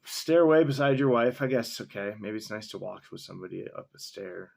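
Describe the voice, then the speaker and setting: A man casually reacting to a text he reads, rambling and sarcastic, swearing freely and filling pauses with ums and likes. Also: medium pitch, animated, vocal fry. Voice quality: mustache-wearing man chuckling between remarks. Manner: profane, sarcastic, thinks aloud with many fillers. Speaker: vlogger reading and reacting to a text.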